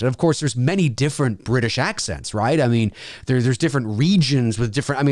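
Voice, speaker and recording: A man's voice: medium pitch, a little mellow, no room sound, studio quality. Rambling man hosting a livestream. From Canada. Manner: rambling, halting, lots of fillers. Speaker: livestream host answering viewer questions. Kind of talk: casual live Q&A. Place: home studio.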